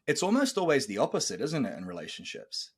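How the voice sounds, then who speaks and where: This podcast host, a coach in his thirties, talks fast with a medium-pitched, breathy-edged voice. Casual and animated, he tells stories, voices the dialogue, and swears.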